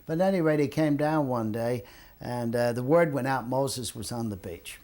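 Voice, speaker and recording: A man's voice: mid-range voice, moderate pace. An older man, a retired lifeguard telling stories from his past and acting out the people in them. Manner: animated storyteller, acts out quoted voices. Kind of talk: storytelling reminiscence.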